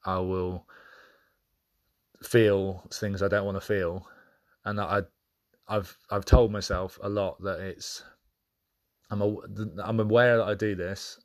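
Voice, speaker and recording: A man's voice: fairly low pitch, flat delivery, takes it slowly, pauses often. A man hosting a podcast, talking through a personal monologue in a candid, thoughtful way that halts and restarts as he searches for words. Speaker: podcast host.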